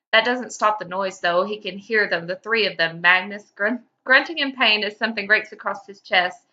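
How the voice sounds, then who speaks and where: Woman podcast host, lively fan-fiction reader, bright tone; lo-fi audio. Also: medium pitch. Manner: lively, breaks into laughter. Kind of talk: reading fan fiction aloud.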